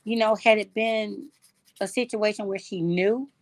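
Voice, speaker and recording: Grieving middle-aged woman, gravelly and dry. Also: mid-range voice, fairly even intonation, no echo. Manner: halting, soft-spoken, searching for words. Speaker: channel host. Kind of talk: casual heartfelt chat.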